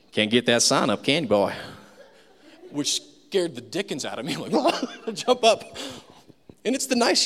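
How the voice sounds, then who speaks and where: Storytelling pastor in a reverberant hall. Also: male voice, on the high side. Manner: conversational storytelling, self-deprecating humor. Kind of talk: sermon with personal stories. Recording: long reverb of a large room.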